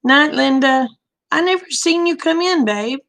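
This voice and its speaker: A woman's voice: sits high, expressive, measured pace, a bit bright. A woman hosting a casual livestream, greeting viewers by name and telling frank personal stories with frequent laughter. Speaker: livestream host chatting with viewers. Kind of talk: casual chat, storytelling.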